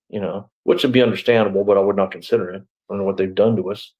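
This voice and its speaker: A middle-aged man speaks in a low voice, telling his story in a loose, rambling way. He is blunt and throws in "you know" and restarts often. He sounds like an interview guest recounting events at length. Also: fairly even intonation, racing, hardly any pauses, darkish tone, poor audio. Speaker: interview guest, former sheriff's deputy.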